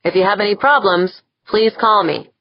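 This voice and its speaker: A woman's voice: mid-range voice, normal speed, dry recording, dull audio, voice pushed up, natural voice. A woman narrator voicing a formal, courteous male station director in an audiobook.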